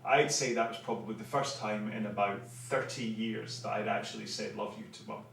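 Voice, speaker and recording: A man's voice: on the low side, steady tone, normal speed, creaky, fairly bright tone, a little hiss or hum. Male host in his fifties, rambling livestream chat, echoey room, mic set back from him. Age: 50s. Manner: rambling, chatty, many restarts. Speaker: online rowing class host. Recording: roomy, mic at a distance.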